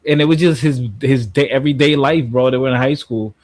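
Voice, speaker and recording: A young man in casual group chat, eager and excitable, often stumbling over his words. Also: mid-range voice, fairly quick. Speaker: podcast co-host.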